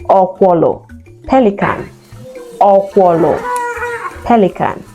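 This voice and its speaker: A woman, an Igbo speaker, teaching vocabulary and slowly repeating each word for learners to copy. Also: medium pitch, expressive, muffled recording, over music. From Nigeria. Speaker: language teacher. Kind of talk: vocabulary lesson.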